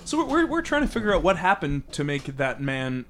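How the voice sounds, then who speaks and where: A man plays an earnest questioner who digs into a strange death with wry follow-ups. His voice is a little high for a man and moves in a lively way. The tone stays dry and curious. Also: fairly quick, background noise. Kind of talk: improv comedy podcast.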